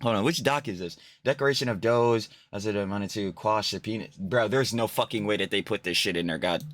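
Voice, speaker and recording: A man's voice: lowish voice, fairly quick, fairly bright tone, dry recording. A young man giving profane, mocking reaction commentary, ranting and laughing. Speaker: commentary YouTuber.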